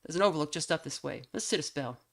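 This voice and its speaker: A woman putting on a gruff old mountain man. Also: deep voice, quick pace. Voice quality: folksy rural drawl.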